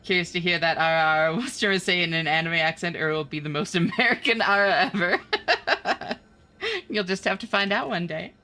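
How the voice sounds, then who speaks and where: A woman's voice: fairly low pitch, fairly quick, bright, forceful tone. A woman streaming a game live, chatting and laughing as she thanks and answers chat.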